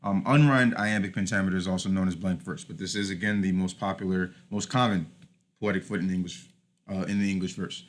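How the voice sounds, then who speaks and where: A man's voice: low-pitched, steady tone, fairly quick. A man teaching a class over slides, explaining step by step with frequent "all right" and "uh" fillers. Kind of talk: recorded lecture over slides.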